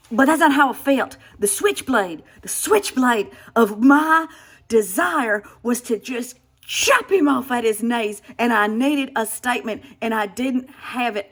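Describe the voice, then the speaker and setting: A woman's voice: on the high side, expressive, slow, fairly bright tone. A woman in her sixties venting in a rambling comic monologue, exasperated, with frequent sighs and restarts. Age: 60s. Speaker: comedic vlogger playing a satire version of herself.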